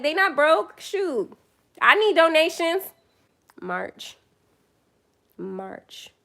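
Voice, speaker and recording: A woman's voice: a little high, a bit bright. A young woman chatting casually on her first phone livestream, tired late at night, rambling and self-deprecating.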